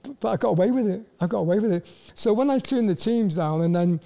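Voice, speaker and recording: Older Welsh man, high soft halting voice. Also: expressive, creaky. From Wales. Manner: halting, repeats words and fills with "you know". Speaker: guest, former footballer. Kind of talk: casual interview storytelling.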